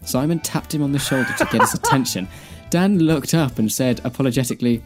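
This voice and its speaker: A man's voice: mid-range voice, a little fast, loud music behind the voice. A man co-hosting a podcast, reading a comic fan fiction aloud and laughing through the lines. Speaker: podcast co-host.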